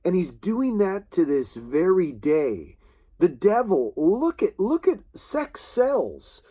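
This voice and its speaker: A man delivers a sermon in an earnest, stop-and-start manner, often repeating himself as he builds his point. His voice sits a little higher than most men's. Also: huge pitch swings, dark tone, husky. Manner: earnest, halting delivery with frequent restarts and fillers. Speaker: preacher.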